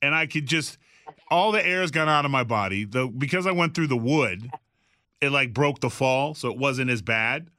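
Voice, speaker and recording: A middle-aged man spins a story in casual talk, lively and full of acted-out voices and curses. His tone is bright and forceful. The sound is close and dry. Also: mid-range voice, normal speed, dry recording. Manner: animated, acts out voices in quotes, swears freely. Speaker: guest telling a backstage story.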